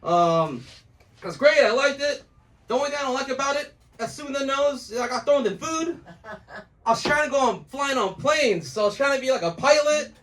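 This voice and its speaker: A man's voice: very high-pitched, lively intonation, a little fast, fairly bright tone, distant mic. A man doing stand-up, rambling and profane, laughing at his own jokes. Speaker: stand-up comedian. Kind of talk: stand-up storytelling.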